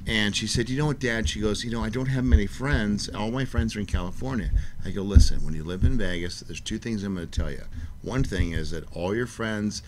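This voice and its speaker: A middle-aged man chatting as a guest on a radio show, telling lively stories and acting out quotes in a raised voice. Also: fairly low pitch, brisk, noisy background. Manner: animated storyteller, acts out quotes in a raised voice. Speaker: guest artist. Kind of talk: casual interview chat.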